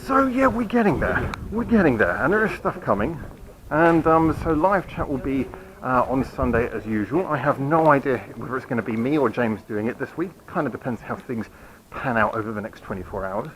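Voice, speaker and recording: On a low-quality recording with some hiss or hum, a man vlogs while walking a quiet city street at night, holding the camera himself. His mid-range, slightly fast and bright voice rambles through a casual channel update, apologetic and self-mocking, interrupted by hiccups.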